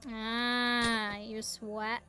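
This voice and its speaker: A woman's voice: a little high, little pitch movement, drawn-out words, sharp tone, soft background music. A young woman streaming a game, chatting in a rambling, casual way and greeting her viewers. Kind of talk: casual live-stream chat while gaming.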